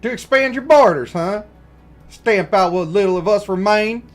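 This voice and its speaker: A man's voice: high voice, expressive, moderate pace, faint music behind, voice pushed up. A man reading a defiant game character's lines with an indignant, challenging delivery, as a dramatic reading of game dialogue.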